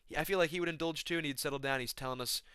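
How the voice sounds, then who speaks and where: A man's voice: on the high side, racing, sharp tone, clear, resonant tone, dry recording, studio quality. A young man telling a casual, comedic vlog story in slangy talk full of "bro" and "man". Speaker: YouTuber, MMA commentator.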